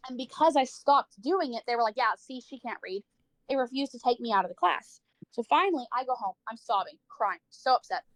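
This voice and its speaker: A woman's voice: a little high, animated, a little fast, no room sound. A woman livestreamer telling a personal story in casual chat, saying "like" a lot, swearing freely and acting out the people she quotes.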